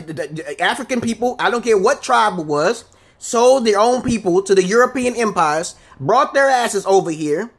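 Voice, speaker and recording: Profane, high-voiced, husky ranting man. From United States. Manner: confrontational, profane, rambling. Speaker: vlogger. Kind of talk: ranting monologue to camera.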